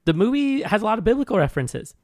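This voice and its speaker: A man's voice: sits high, sing-song, fast talker, a little mellow, no room sound, clean studio sound. A man co-hosting a casual podcast, explaining a film's references in a hesitant, explanatory way with restarts and fillers. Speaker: podcast co-host. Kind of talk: casual film discussion.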